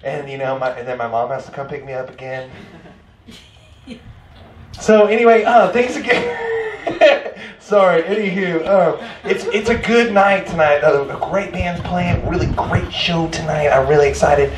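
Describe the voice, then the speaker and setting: A man's voice: a little high, sing-song, a little slow. A man hosting a live music night, rambling and joking at his own expense. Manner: rambling, joking, self-mocking. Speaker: host. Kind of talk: live show emcee banter. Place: library event space with live crowd. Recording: roomy live sound, mic at a distance, crowd noise.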